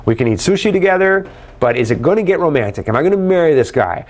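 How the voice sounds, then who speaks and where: A man's voice: on the high side, animated, fast, darkish tone. A middle-aged man hosting a live webcast, chatty and upbeat as he answers viewer questions and calls them guys.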